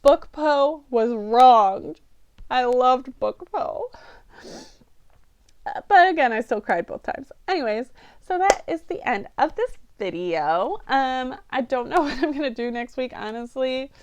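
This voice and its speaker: Young woman vlogger, high smooth voice, chatty and rambling, emotional delivery. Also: big pitch swings, measured pace, lo-fi sound. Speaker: book reviewer vlogger. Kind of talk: casual chat to camera.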